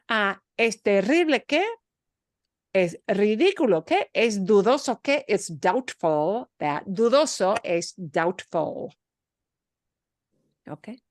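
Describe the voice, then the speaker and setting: A woman teaching a class, patiently explaining and rephrasing, slipping in short Spanish phrases with a chatty, lively manner. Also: mid-range voice, no echo, studio quality.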